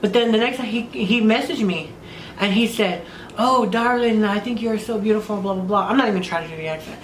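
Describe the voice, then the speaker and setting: A woman telling frank stories in casual chat as a podcast host, crude, profane and animated. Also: mid-range voice, a little fast. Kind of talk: candid casual storytelling. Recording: roomy room with faint noise.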